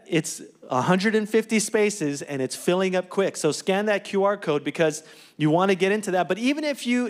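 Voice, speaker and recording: High-voiced upbeat pastor addressing a congregation. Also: male voice. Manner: upbeat, conversational preaching with asides and quips. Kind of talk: church announcements and exhortation. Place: church sanctuary.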